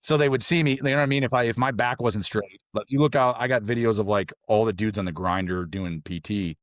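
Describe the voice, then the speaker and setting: Fast and low-voiced, a former SEAL trainee tells stories as a guest on a podcast in a casual interview. He's animated and rambling, leaning on fillers and restarts and jumping to a high pitch for quoted lines, with clean studio sound and no room echo.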